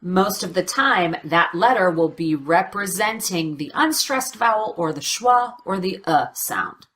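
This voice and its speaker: A woman teaching pronunciation, explaining clearly and demonstrating words aloud. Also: fairly low pitch, expressive, measured pace, a bit bright, slight background noise. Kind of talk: instructional explanation.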